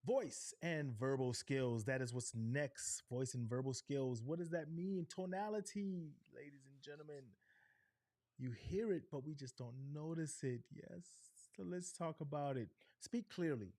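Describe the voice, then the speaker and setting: A middle-aged man coaching a live online workshop, animated, deliberately shifting his pace and pitch and often checking in with "right?". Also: no room sound, clean studio sound. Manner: animated, varies pitch and pace on purpose, frequent "right?" tags. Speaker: on-camera presentation coach.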